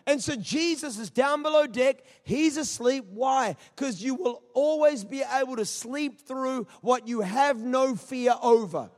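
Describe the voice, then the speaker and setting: A man preaching a sermon as pastor, impassioned and full of rhetorical questions, repeating phrases for emphasis. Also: very high voice. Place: auditorium. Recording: long reverb of a large auditorium.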